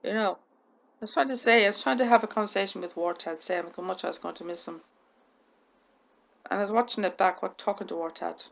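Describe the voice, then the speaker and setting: Woman with a stammer, gravelly voice. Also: medium pitch, quick pace, a bit bright. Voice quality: stammer, repeats words and restarts sentences. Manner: runs out of breath at the ends of sentences. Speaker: vlogger. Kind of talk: casual talk to camera.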